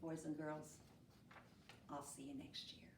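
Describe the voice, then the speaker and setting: A woman first grade teacher reading a picture book aloud to children, with animated, expressive voices. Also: deep voice, slow pace, reverberant, distant mic, background noise.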